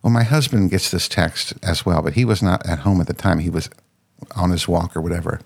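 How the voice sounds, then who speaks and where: A man with a very low, gravelly voice hosts a solo podcast. He tells a long personal story in a casual, meandering way, circling back and restarting his sentences as he goes. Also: fairly quick. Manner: rambling, with frequent restarts. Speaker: podcast host.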